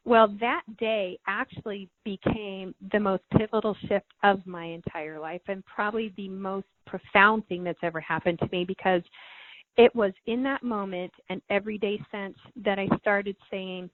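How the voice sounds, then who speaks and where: A woman's voice: mid-range voice, normal speed, no echo. A middle-aged woman, a podcast guest, earnestly telling a personal story and repeating words when moved. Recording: thin phone-like line, dry.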